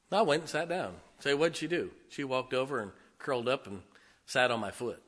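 A middle-aged man preaching a sermon as pastor, swinging between loud, emphatic lines and quiet, hushed ones. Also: medium pitch, animated, brisk, slightly rough.

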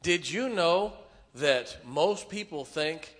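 Older male pastor, slightly high and bright-toned voice, emphatic sermon delivery, long church reverb. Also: lively intonation, takes it slowly. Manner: emphatic, swings from booming declarations to quiet wry asides. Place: church sanctuary.

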